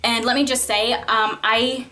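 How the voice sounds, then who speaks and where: A woman's voice: on the high side, flat delivery, unhurried, pushed and bright. A young woman telling a story from her school days in a casual vlog, chatty and full of "like"s, her tone exasperated. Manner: chatty, filler-heavy, many "like"s, exasperated retelling. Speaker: vlogger.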